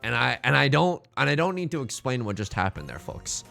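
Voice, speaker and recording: A man streaming live and chatting casually with his viewers while he plays. He sounds slightly hoarse and is excitable and self-mocking. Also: mid-range voice, brisk, soft background music. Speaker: livestreamer.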